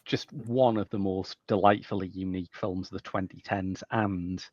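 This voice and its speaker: Man hosting a podcast, rapid energetic delivery, low voice, dry muffled sound. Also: dry recording. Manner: fast-talking, energetic. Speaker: podcast host. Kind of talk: casual podcast chat.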